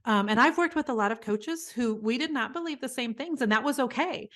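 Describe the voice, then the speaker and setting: A middle-aged woman guest in an interview, telling stories in an earnest, animated way. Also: a little high, brisk. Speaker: guest, business coach. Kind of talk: conversational interview.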